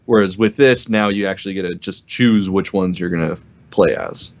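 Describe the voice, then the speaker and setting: A man's voice: low voice, normal speed. A man co-hosting a fan podcast, talking in a laid-back, casual way with some swearing. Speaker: podcast co-host. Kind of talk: casual chat. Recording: dull lo-fi sound.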